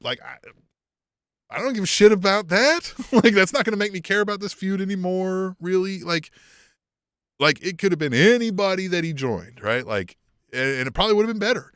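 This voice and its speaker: A man's voice: high-pitched, expressive, a little fast, fairly bright tone, clean tone, dry recording, studio quality. A man co-hosting a podcast in casual chat, rambling and profane, laughing often. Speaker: podcast co-host.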